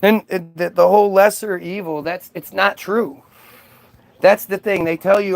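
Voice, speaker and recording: A man's voice: sits high, steady tone, normal speed, vocal fry. A man delivering a casual, profane, sarcastic vlog rant in an exasperated manner. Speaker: vlogger. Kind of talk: casual ranting monologue.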